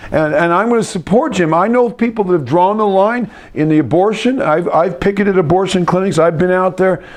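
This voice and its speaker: A middle-aged pastor giving a conversational sermon, with frequent restarts and asides. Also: male voice, high voice, brisk.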